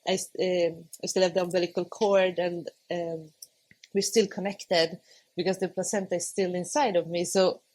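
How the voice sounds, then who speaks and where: Poor audio captures a medium-pitched woman in her thirties appearing as a podcast guest. She relates a personal story in a chatty way, frequently laughing and playing out her own earlier lines.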